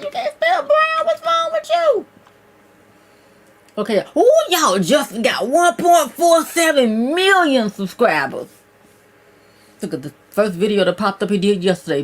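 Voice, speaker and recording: A woman hosting her own livestream, chatting casually with viewers and calling them "y'all" and "child". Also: on the low side. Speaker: livestream host.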